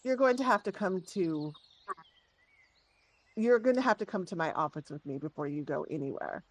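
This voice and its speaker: A woman's voice: fairly low pitch, animated, normal speed. Woman playing a curt male guard captain. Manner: curt, officious orders.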